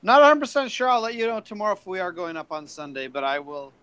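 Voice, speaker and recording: A man's voice: sits high, big pitch swings, quick pace, fairly bright tone, clear, resonant tone. A man in casual chat, blunt and joking crudely.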